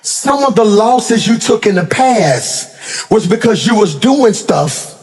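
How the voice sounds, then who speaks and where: A male pastor preaching a sermon in a church, telling stories dramatically and rising into shouted exhortation. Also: high voice, animated, takes it slowly, long reverb tail. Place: church sanctuary.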